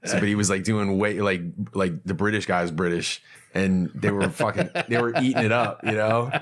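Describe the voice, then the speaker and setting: Profane, joking man with a low voice. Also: fairly even intonation, moderate pace. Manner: profane, jokey storytelling. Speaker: podcast co-host. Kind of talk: casual chat.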